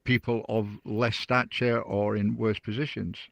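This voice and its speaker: A man's voice: on the low side, flat delivery, unhurried, vocal fry, fairly bright tone, dry recording. A man in casual chat, rambling and self-interrupting, joking along.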